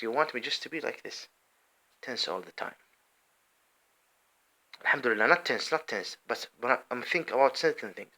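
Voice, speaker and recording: Fast, sharp-voiced ranting man. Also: medium pitch. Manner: heated, profane ranting mixing Arabic and English. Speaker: online commentator. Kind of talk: angry monologue.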